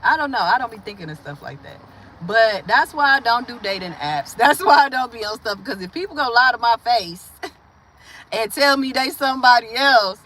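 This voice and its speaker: A woman's voice: on the high side, bright, forceful tone, slight background noise. A woman from Milwaukee hosting a casual livestream, rambling through stories and viewer comments, laughing often and acting out the voices she quotes. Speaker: livestream host.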